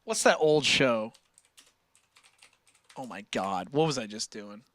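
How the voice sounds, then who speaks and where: A man's voice: mid-range voice, lively intonation, takes it slowly, a bit bright, dry recording. A man hosting a casual livestream, rambling and breaking off mid-sentence as he reads chat aloud. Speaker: livestream host.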